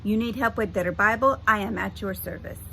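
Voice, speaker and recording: A woman voicing a holographic old German printer with a put-on German accent, slow and deliberate. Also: medium pitch, pushed and bright, a little hiss or hum, low-quality recording. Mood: obliging.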